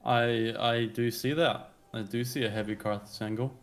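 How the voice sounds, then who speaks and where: A man's voice: mid-range voice, moderate pace. Male colour caster, everyday middle voice, easygoing and conversational. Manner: relaxed, chatty, self-correcting. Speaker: esports color commentator. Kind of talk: casual co-commentary.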